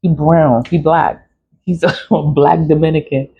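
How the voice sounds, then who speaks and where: A woman's voice: low-pitched, steady tone, a little slow, warm tone, slight background noise. A woman around forty, telling her story in a blunt, profane, laughing casual monologue. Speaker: vlogger. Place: home in the city early morning. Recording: dull lo-fi recording.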